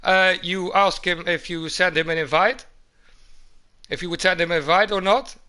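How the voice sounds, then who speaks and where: Male streamer, high-pitched, halting and repetitive, casual chat. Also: sharp tone. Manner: halting, repeats words, says man a lot.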